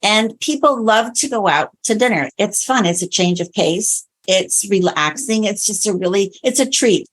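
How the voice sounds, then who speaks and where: A woman's voice: mid-range voice, normal speed, hardly any pauses. A woman guest who coaches clients on diabetes-friendly meals, talking in a chatty, storytelling way in an interview. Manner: chatty storyteller, animated retellings. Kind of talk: conversational interview.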